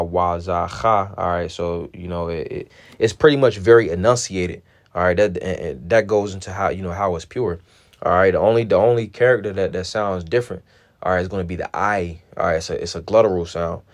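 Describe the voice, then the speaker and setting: A man with a low voice and a gravelly, creaky edge, teaching from scripture in an unpolished way. He stops and restarts often, punctuating each point with a quick check-in. The sound is close and dry. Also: a little mellow, no echo. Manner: halting, restarts often, says "all right" after nearly every point; reads scripture aloud in plain measured tone. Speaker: Bible teacher.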